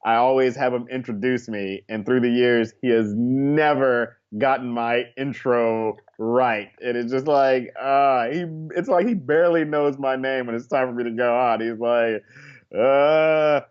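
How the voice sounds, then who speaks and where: A man's voice: mid-range voice, steady tone, normal speed, hardly any pauses, smooth, muffled recording. A man, a comedian guest on a talk show, talking in a loose, rambling, slangy way. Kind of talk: casual comedy interview.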